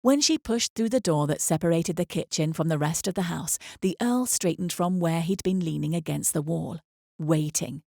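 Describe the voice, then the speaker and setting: Reading an audiobook from a script, a woman with a low, gravelly voice tells the story in a measured, expressive manner. The recording is dry and studio-clean.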